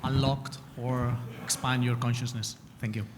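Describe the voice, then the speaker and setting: A man in the audience asking questions politely, in halting phrasing. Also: medium pitch, flat delivery. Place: event hall. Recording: hall reverb with faint room noise.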